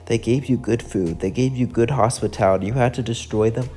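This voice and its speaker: A man voicing a calm, patient male divine attendant who scolds mildly. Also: medium pitch, brisk, slightly rough, lightly acted.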